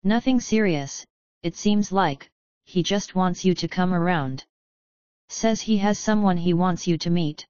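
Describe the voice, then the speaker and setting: A woman's voice: on the low side, measured pace, no room sound, muffled recording, close to an everyday voice. A woman reading as a kind, concerned young woman. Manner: gentle, concerned.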